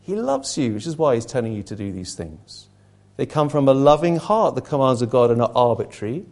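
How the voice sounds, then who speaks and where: A man's voice: mid-range voice, sing-song, brisk, darkish tone. An earnest man preaches to a small gathering in an easy, conversational way. He often stumbles and restarts mid-sentence, telling stories to make his point. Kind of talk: sermon to a small group.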